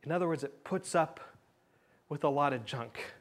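Lively male pastor preaching a sermon. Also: fairly high pitch, normal speed. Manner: lively, swings from loud emphasis to quiet asides; playful joking asides. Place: church sanctuary.

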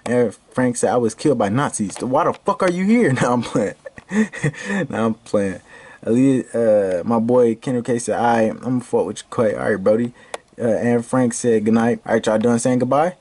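A man's voice: medium pitch, normal speed, dark tone. A man vlogging with friends and reading out live-stream comments, joking and laughing with profane banter. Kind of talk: casual chat with friends.

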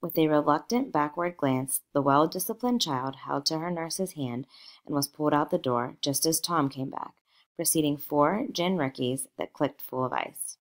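A woman narrating a novel aloud in a measured, expressive storytelling manner. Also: deep voice. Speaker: audiobook narrator.

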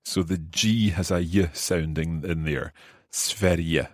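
Deep Scottish man, husky and lively. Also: no echo, studio quality. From Scotland. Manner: repeats phrases slowly and carefully, laughs easily. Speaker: podcast host and language learner. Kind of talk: conversational language lesson.

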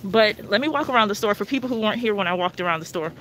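A couponing vlogger hosts a chatty live shopping stream on her phone, walking through a discount store while faint store noise plays in the background. Her medium-pitched voice is animated, a bit bright and very fast as she calls her viewers "y'all."

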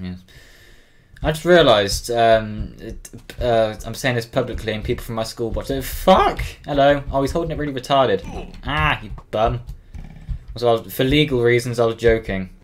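A teenage boy from Cornwall giving casual, flustered gameplay commentary, swearing often and yelping when scared. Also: fairly low pitch. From Cornwall, England. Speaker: gaming channel host.

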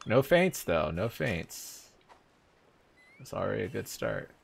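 A young man streaming a live video game playthrough, excitable and laughing often, his voice leaping up into high squeals. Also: takes it slowly, vocal fry, breathy edge. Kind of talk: live gameplay commentary.

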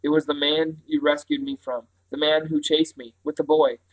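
A man's voice: on the high side, flat delivery, normal speed, close to an everyday voice, poor audio. Simon, a man reading as a breathless boy. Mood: urgent. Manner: breathless, panting.

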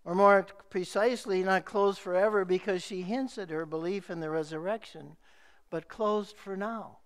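A middle-aged male pastor delivering a sermon in a slow, measured preaching manner with emphatic repeated phrases. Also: high-pitched, fairly even intonation, clean tone.

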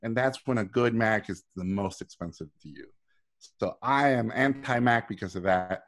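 Animated middle-aged man telling stories. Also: on the low side, moderate pace. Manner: animated, acts out quoted voices, swears freely. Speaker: guest speaker. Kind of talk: casual storytelling on a live video talk. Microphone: video call.

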